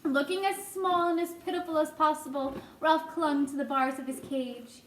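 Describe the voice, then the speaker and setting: A woman reading a children's novel aloud, expressive, with chatty asides to her listeners. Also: sits high, moderate pace. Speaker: storyteller. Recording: echoey room, faint noise.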